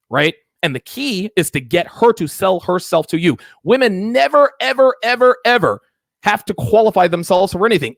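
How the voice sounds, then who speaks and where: A man's voice: high-pitched, vocal fry, no echo, studio quality. A man hosting a call-in dating advice show, emphatic and repetitive, often acting out little mock dialogues. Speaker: host.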